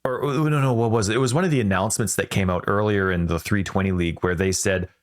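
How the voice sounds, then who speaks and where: A man hosting a gaming podcast, talking in a rambling, excitable way and often correcting himself mid-sentence. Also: fairly low pitch, fast. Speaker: podcast host. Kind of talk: casual podcast chat.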